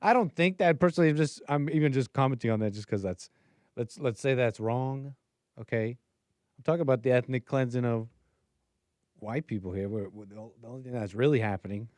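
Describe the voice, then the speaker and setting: Male political livestream host, mid-pitched, rambling, self-interrupting, dry close sound. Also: brisk, a little mellow, no echo. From United States. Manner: rambling, self-interrupting, laughs at own tangents. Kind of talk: casual political livestream commentary.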